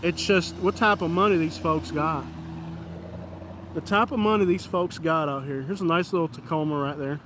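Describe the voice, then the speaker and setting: A man's voice: a little high, moderate pace, noisy background. A man live-streaming outdoors on a busy street, joking with chat and mock-scolding passing drivers. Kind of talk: live-stream vlog, commenting on passers-by.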